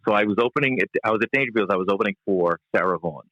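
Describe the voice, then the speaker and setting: A man, a comedian and musician, telling a backstage anecdote in a podcast interview with laughs and halting restarts. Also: fairly low pitch, dry recording. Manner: animated storyteller, laughs often, halting restarts. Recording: dull, lo-fi, dry sound.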